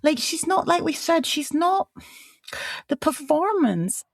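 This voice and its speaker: A woman with a fairly high voice chats as a podcast guest, animated and quick to exclaim in exasperation. The recording is dry and close, with no room sound. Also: no room sound. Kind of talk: casual film review chat.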